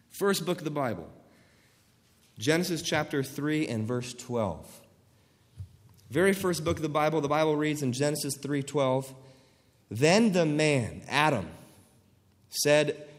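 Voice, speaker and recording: A man's voice: on the high side, long reverb tail. A man preaching a sermon, earnestly reading scripture and acting out quoted voices for emphasis.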